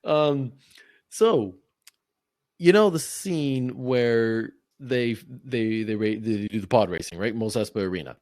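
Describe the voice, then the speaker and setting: A man's voice: mid-range voice, slow pace, darkish tone, no echo, studio quality. A man co-hosting a podcast, chatting casually, laughing often and telling stories with animation. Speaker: podcast co-host. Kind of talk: casual chat.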